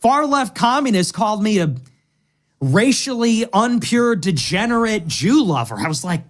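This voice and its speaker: High-voiced man, sarcastic delivery. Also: very animated, normal speed.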